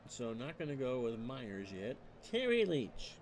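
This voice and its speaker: A man calling baseball play-by-play for a streamed replay, measured and stat-heavy with dry asides. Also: medium pitch, very animated, a little hiss or hum. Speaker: play-by-play announcer.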